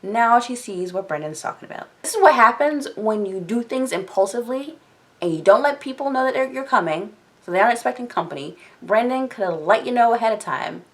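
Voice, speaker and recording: A woman vlogger retells a novel in a loose, chatty way. She leans on filler words as she goes, and her voice sits a little low. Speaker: book discussion vlogger. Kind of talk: casual book recap.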